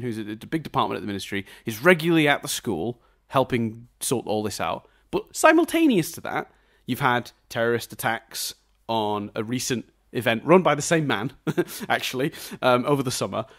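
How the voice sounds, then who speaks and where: A man co-hosting a podcast, ranting and swearing in a casual film review chat and laughing often as he talks. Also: mid-range voice. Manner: animated, swearing ranter; laughs often mid-sentence. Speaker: podcast co-host.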